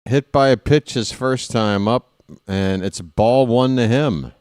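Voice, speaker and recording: A man calls a ballgame as a fan play-by-play commentator, taking his time between pitches and tossing in dry, wry asides. His voice is smooth and clear, recorded close and dry with no room sound. On big hits he erupts into excited shouting. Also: takes it slowly, no echo.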